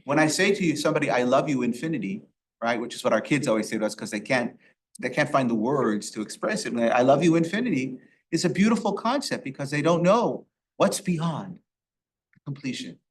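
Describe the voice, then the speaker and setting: A rabbi leading a Torah study class, asking rhetorical questions and quoting Hebrew verses. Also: male voice, mid-range voice, animated, fairly quick, a little hiss or hum. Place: synagogue classroom.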